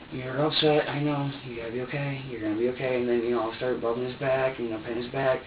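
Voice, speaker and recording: Fast and with few pauses, a young man with a mid-range voice and fairly even intonation answers police in an interview room. His replies ramble, repeat and stay defensive, and the far-off room mic makes everything tinny and echoey, with slight hiss or hum.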